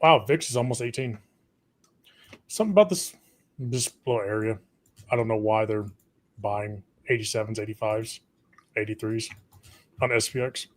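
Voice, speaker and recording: A man's voice: on the low side, normal speed, long pauses. A man co-hosting a live trading stream, chatting casually about the market, laughing often and trailing off mid-sentence.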